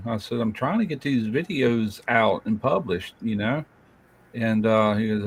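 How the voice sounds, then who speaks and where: A man's voice: lowish voice, normal speed. An older man hosting a casual live chat, telling blunt, folksy stories about work and family. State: feeling unwell. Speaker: host.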